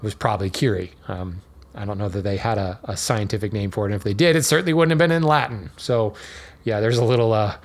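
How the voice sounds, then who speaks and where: A man's voice: lowish voice, quick pace. A man hosting a podcast, explaining a topic in a chatty, digressive monologue with fillers and small laughs. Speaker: podcast host.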